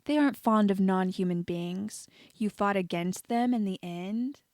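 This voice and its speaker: A woman's voice: medium pitch, unhurried, a little mellow, dry recording, studio quality, natural voice. A woman reading as a stubborn young wizard. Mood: insistent. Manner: blunt, impulsive.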